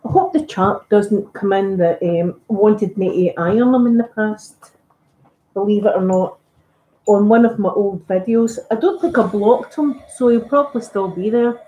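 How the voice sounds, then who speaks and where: A Scottish woman who makes ASMR videos on YouTube chats casually on a live stream while ironing at home, rambling and poking fun at herself. Her mid-range voice is mellow at a normal speed, and the sound is lo-fi with an echoey room.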